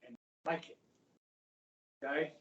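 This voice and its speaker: A man's voice: slow, a bit bright, distant mic, highs cut off, slight background noise. A middle-aged male history teacher lecturing a class in a chatty way, often checking in with his students. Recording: echoey classroom, voice from afar.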